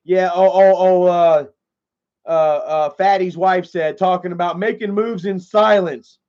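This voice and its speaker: A man's voice: sits high, fairly even intonation, measured pace, lo-fi sound. A man live streaming in a loose, rambling way, swearing often and filling with "man" and "you know".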